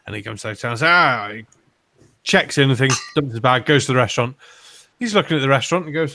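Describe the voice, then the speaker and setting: A man's voice: mid-range voice, animated, fast talker, sharp tone. A man hosting a casual poker stream, chatting, swearing and telling jokes. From North Wales. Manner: swearing, laughs between lines.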